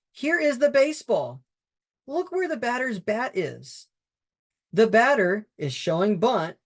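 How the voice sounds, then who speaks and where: A man walks umpires through game footage, talking the way a coach does in a training video. He is conversational and emphatic, with frequent fillers and restarts. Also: high-pitched. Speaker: baseball umpire instructor. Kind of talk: instructional talk over game footage.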